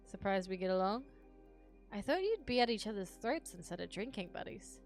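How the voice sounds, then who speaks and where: A woman voicing a cool, smug young man from a dating game, speaking low, quiet and dry. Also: very animated, a little fast, faint music behind. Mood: dry, teasing. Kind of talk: game dialogue read aloud.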